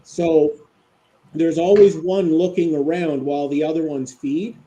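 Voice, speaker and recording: A man's voice: fairly high pitch, fairly even intonation, a little slow, mellow, low-quality recording. A man chatting casually in a group of gamers, loosely and with lots of "right?" and "like".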